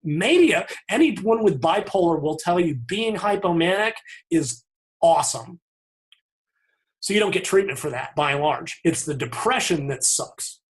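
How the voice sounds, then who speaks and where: A man with a somewhat higher-than-average voice speaks as a podcast guest. He talks frankly and thoughtfully, circling back and restarting his sentences in an easy, unscripted conversational way. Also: expressive, normal speed. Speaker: podcast guest, fitness author. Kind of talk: candid conversational interview.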